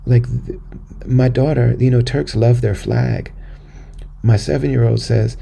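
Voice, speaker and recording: A man's voice: mid-range voice, a little slow, vocal fry, dark tone, a little hiss or hum. An American man hosting a podcast, talking earnestly in a personal monologue and often restarting his phrases. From United States. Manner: earnest, conversational, circles back on phrases. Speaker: podcast host.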